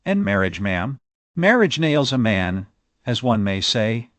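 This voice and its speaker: A man's voice: on the low side, big pitch swings, a bit bright, no room sound. Man voicing shy young countryman, rustic awkward speech, dry close sound. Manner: rustic dialect, halting and awkward. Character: tall shy young countryman, bashful and blunt. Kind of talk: audiobook character voice.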